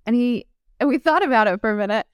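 Her voice is on the high side, fast and smooth, captured in a studio-quality recording with no echo. She is a woman entrepreneur guesting on an interview, chatting casually, acting out the quotes in her stories and laughing a lot.

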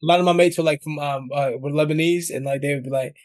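A man's voice: a little high, steady tone, fast talker, darkish tone. Laid-back new york man, slangy. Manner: laid-back slangy talk, laughs often. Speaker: guest. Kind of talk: casual interview chat.

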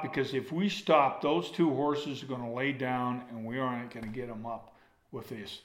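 A man's voice: mid-range voice, fairly even intonation, normal speed, echoey room. An older man telling a rambling, folksy story to an audience in a casual way, acting it out as he goes. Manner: folksy, rambling, acts out with gestures.

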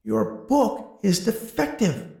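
A man's voice: sits high, sing-song, slow pace, vocal fry, warm tone, husky, voice pushed up, heavily acted. A man voicing an impatient, reckless male inventor who whines and barks demands in a raised voice in a storybook reading. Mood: demanding. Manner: whiny, exasperated outbursts.

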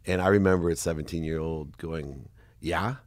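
A man in his fifties hosts a relaxed podcast conversation, his voice sitting very low. He talks in an animated, rambling way with frequent laughter. The recording is dry and close, with no room sound. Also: normal speed, no echo. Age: 50s. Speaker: podcast host. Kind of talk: conversational interview.

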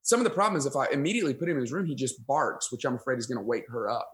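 A man, a pastor guest on a podcast, telling a story in casual conversation, self-deprecating and animated, acting out his own thoughts. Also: medium pitch, racing. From United States.

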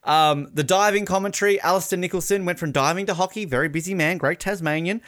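A man's voice: sits high, quick pace, a bit bright, dry recording, clean studio sound. An Australian man co-hosting a podcast, chatting casually and animatedly, with rambling asides and laughter. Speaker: podcast co-host. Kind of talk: casual chat recapping sports.

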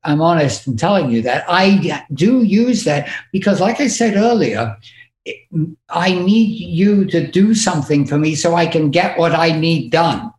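A man's voice: on the high side, expressive, a little mellow, reverberant. A man with an English accent, a podcast guest telling candid stories in casual chat. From England. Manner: candid, quick storytelling with laughs. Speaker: guest, tour manager.

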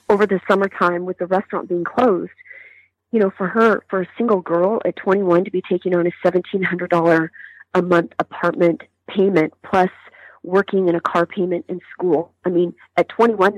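A woman, a grieving mother, telling her story in an interview in a halting way with many restarts. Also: lowish voice, breathy edge, dry recording, muffled recording. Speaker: mother of a murder victim, interview guest. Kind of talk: emotional interview testimony.

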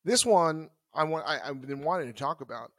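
A man's voice: on the high side, expressive, a little fast, no room sound. A man co-hosting a podcast, talking in a loose, rambling, conversational way. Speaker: podcast co-host. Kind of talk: casual chat.

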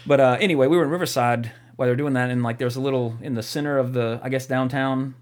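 A man's voice: medium pitch, steady tone, quick pace. A young man co-hosting a podcast, chatting casually and rambling, with lots of fillers, restarts and swearing. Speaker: podcast co-host.

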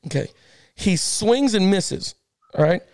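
High-pitched, gravelly, animated man. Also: slow pace, no room sound, studio quality. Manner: animated, fired-up storyteller who laughs often; slangy, repeats himself. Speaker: podcast co-host. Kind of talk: casual sports podcast chat.

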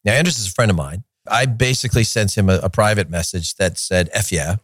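A man's voice: lowish voice, fairly quick, a bit bright, no room sound, clean studio sound. A man hosting a soccer podcast in a chatty, opinionated way, with joking rants. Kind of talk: casual solo commentary.

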